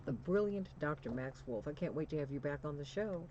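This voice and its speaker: A woman's voice: deep voice, lively intonation, brisk, darkish tone, faint music behind. Emphatic woman radio host. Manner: emphatic, rousing delivery. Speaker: radio talk show host. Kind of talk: radio talk show hosting. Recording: dull lo-fi radio audio with faint hum.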